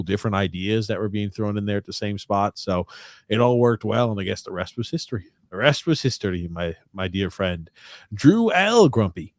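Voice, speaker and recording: A man's voice: lowish voice, animated, a little fast, no echo. A man hosting a casual sports podcast, easygoing and rambling, reading out live chat comments. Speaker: podcast host.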